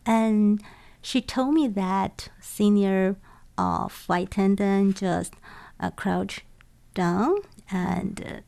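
Creaky-voiced woman telling animated stories. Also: medium pitch, takes it slowly. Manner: animated storytelling, acts out quoted voices, laughs often. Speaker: sociology professor and former flight attendant. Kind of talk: interview answers.

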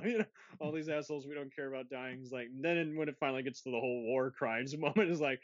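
A man's voice: medium pitch, steady tone, quick pace, no room sound. A man hosting a casual film review podcast, rambling and restarting his sentences with frequent laughs. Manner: rambling, self-interrupting, laughs often. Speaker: podcast host. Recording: dull lo-fi dry sound.

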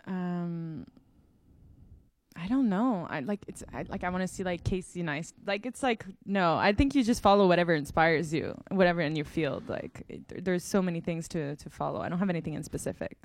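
A woman's voice: on the low side, expressive, fairly quick. A woman from Quebec being interviewed, answering in an easygoing, hesitant way and laughing often. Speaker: interview guest, entrepreneur. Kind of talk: casual interview chat.

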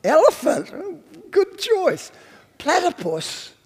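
A man voicing God as amused and surprised, with a put-on Australian accent and a high, playful delivery. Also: huge pitch swings, takes it slowly, darkish tone, in a large hall, heavily acted. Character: amused, delighted God reacting to animal names.

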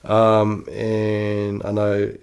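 Laid-back New Zealand man, low voice. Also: monotone, extremely slow, darkish tone, smooth. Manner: laid-back, slangy, swears casually. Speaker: interview guest. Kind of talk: casual storytelling.

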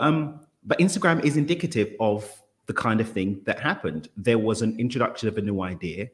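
Low-voiced man musing on nature. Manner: reflective, expansive, stumbles over words when excited. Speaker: podcast guest. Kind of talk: casual conversational interview.

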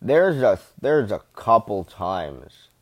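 A man's voice: fairly low pitch, very animated, slow pace, breathy edge, no echo. Rambling, gushing male fan. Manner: rambling, gushing, swears freely. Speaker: fan commentator. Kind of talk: casual enthusiastic commentary.

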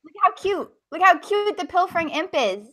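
A woman's voice: extremely high pitch, sing-song, moderate pace, bright, forceful tone. A woman co-hosting a casual chat, bubbly and playful. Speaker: podcast co-host and video creator.

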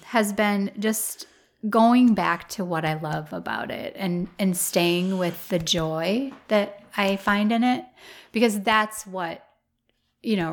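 A woman flower farmer talking through her thoughts in a casual interview, rambling with many fillers. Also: lowish voice.

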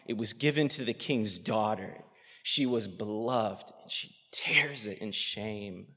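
A man preaching a sermon with passion, swinging between loud outrage and hushed, near-whispered tenderness. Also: on the low side, slow, husky. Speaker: pastor. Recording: long hall reverb.

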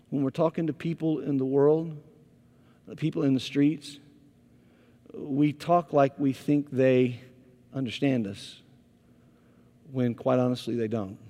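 Male pastor, lively sermon storyteller, slightly high voice, long hall reverb. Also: measured pace, pauses often. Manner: animated storytelling, volume rising and falling. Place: church sanctuary.

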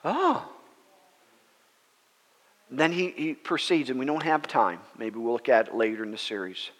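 A man, a pastor, preaching a sermon as a story, acting out the people in it with lively, rising voices. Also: fairly quick. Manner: animated, acts out quoted voices with rising pitch. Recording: long reverb of a church hall.

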